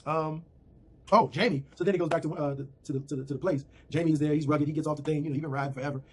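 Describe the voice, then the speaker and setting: A man's voice: fairly high pitch, fairly even intonation, fast talker, a little mellow, slightly rough. A man giving a slangy, rambling casual recap of a TV episode from home. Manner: slangy, rambling retelling with fillers.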